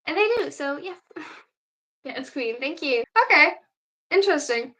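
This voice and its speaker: Reading viewer questions aloud and answering them, a young German woman chats wearily on her livestream in accented, non-native English. She has a high-pitched, animated, fairly bright voice and talks at a normal speed.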